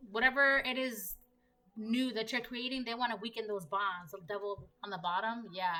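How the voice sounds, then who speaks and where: Woman tarot reader, fairly high and bright voice, chatty and repetitive, casual card reading. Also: steady tone, moderate pace, rough recording. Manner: repetitive, conversational, reads cards aloud.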